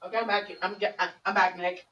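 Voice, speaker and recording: A man's voice: sits high, little pitch movement, bright, forceful tone, highs cut off. A man streaming a game with a friend, chatting casually in a playful, teasing way. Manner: playful, teasing, quick to break into silly voices. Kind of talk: casual gaming chat.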